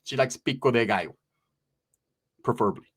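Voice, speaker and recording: A man telling a raunchy comic story in a profane, rambling, animated way. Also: medium pitch, moderate pace, breathy edge. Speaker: comedian.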